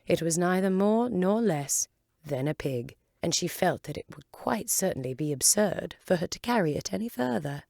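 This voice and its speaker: A woman reading a storybook aloud in a calm, measured way. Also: on the low side, vocal fry, dry recording, studio quality. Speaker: volunteer reader.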